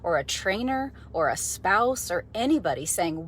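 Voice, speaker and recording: A husky-voiced woman in her forties talks straight to her viewers from a parked car. She is eager and conversational, full of fillers and quick restarts, with a middle-pitched voice. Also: sing-song. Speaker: vlogger, mindset coach. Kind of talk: casual talking-to-camera vlog.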